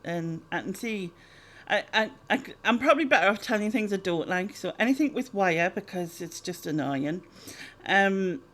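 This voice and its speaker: A woman's voice: medium pitch, animated, normal speed, fairly bright tone. A woman, chatting casually through a Q&A vlog, rambling with lots of ums and laughs. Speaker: YouTuber answering viewer questions.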